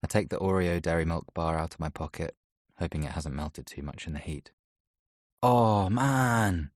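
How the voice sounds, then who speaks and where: A man reading a first-person audiobook in a soft, intimate, reflective way, close to a studio mic. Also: extremely low pitch, steady tone, a little fast, dry recording. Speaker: audiobook narrator. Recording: dry close studio sound.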